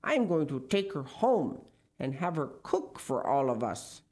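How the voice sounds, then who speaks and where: A woman's voice: deep voice, big pitch swings, unhurried, dark tone. A woman doing a polite storybook ogre. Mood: gruffly polite. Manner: formal and courteous. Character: big male ogre-demon, gruff yet polite.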